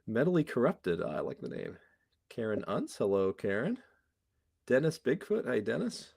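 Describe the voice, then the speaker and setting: New england guy, gravelly voice that bounces around a lot, teasing, dry close sound. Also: medium pitch, huge pitch swings, normal speed, a little mellow, no room sound. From New Hampshire, USA. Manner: joking, teasing, reads out viewer names. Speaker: co-host of a coin livestream. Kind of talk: casual livestream chat.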